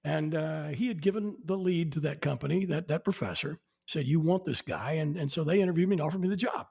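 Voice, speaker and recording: A man's voice: a little high, brisk, gravelly, breathy edge. A man, telling anecdotes as a podcast guest and acting out the people he quotes. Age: 70s. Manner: animated, acts out quoted people. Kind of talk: anecdotal storytelling.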